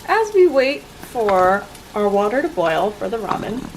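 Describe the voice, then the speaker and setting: A woman's voice: medium pitch, big pitch swings, measured pace, slight background noise, poor audio. A young woman talking casually while cooking at home, chatty and self-mocking, laughing often at her own mistakes. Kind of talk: casual cooking vlog chat. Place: home kitchen with frying pan. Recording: home kitchen with clear cooking sizzle. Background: sizzling and stirring from the pan.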